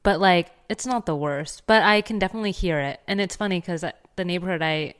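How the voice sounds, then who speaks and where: A woman's voice: on the low side, quick pace, clean tone. A young woman with a Valley Girl accent co-hosting a podcast in casual, joking chat. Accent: Californian Valley Girl. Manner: playful, joking, slips into giggles. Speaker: podcast co-host.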